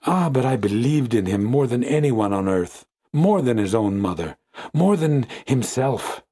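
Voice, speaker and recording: A man's voice: medium pitch, lively intonation, a little slow, warm tone, husky. A man reading an audiobook, voicing a devoted, anguished young woman who pleads and repeats herself in grief. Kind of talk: audiobook character voice.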